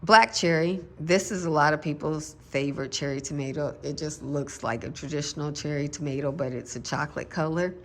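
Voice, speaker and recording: A woman's voice: low-pitched, brisk, hardly any pauses. A woman gardening vlogger chatting casually and musing aloud, with self-deprecating asides. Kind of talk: casual chat.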